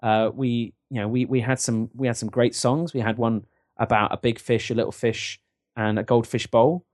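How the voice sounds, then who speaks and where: A man's voice: mid-range voice, fairly even intonation, normal speed, darkish tone, dry recording, clean studio sound. A man co-hosting a podcast, rambling and joking with lots of restarts. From England. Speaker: podcast co-host. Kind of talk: casual advice-show chat.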